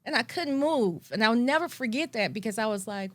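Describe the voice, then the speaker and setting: A woman telling her own story in a lively way, acting out her past thoughts. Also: on the high side, fast talker, no echo. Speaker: guest. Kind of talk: personal storytelling.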